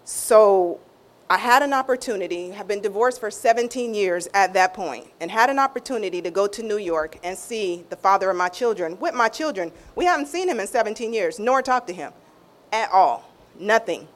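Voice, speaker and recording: Emotional and expressive, a middle-aged woman shares her faith testimony as a guest at a moderate pace. She speaks informally, restarting and repeating phrases, and dramatizes what other people said with big pitch changes.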